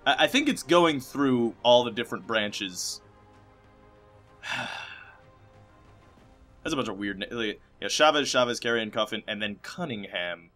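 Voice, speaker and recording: A young man hosting a let's play, rambling jokily in casual commentary, jumping from loud bursts to quiet mumbles. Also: medium pitch, lively intonation, a little slow, pauses often, soft background music. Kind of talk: rambling gameplay commentary over credits.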